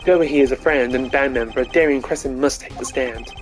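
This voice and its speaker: A man doing a suave, hoarse young prosecutor. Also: mid-range voice, fairly quick, soft background music, lightly acted. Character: smooth, confident young male prosecutor rock star.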